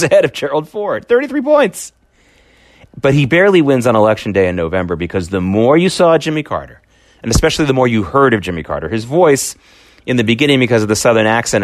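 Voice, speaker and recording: A man's voice: on the low side, no room sound, clean studio sound. A man hosting his own political talk show, talking emphatically with frequent restarts and repeated words. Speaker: podcast host. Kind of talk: solo political commentary.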